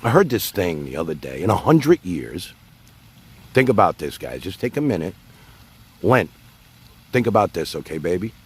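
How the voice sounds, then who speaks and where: A man with a gravelly, husky low voice hosts a casual livestream. He rambles and talks straight to his viewers, his pitch rising and falling a lot as he goes. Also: very animated, moderate pace, pauses often. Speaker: livestream host.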